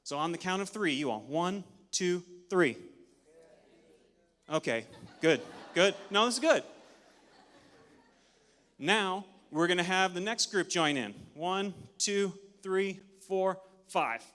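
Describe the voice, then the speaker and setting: A man giving an energetic, interactive talk at a conference, leading the audience through counts, a little out of breath. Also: high-pitched, a little slow. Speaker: conference speaker. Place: large conference hall. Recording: long hall reverb.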